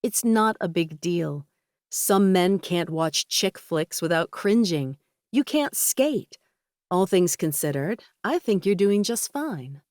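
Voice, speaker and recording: A woman voicing a gentle, reassuring young woman, the romantic lead of an audiobook. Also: on the low side, expressive, slow, dry recording, clean studio sound.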